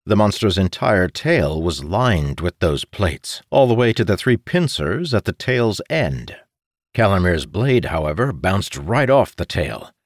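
A man reading a fantasy audiobook in a steady, measured scripted narration. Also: low-pitched, no echo, studio quality.

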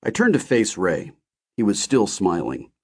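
A man narrating a novel in the first person with expressive storytelling. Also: on the low side, a little slow, husky. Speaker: audiobook narrator.

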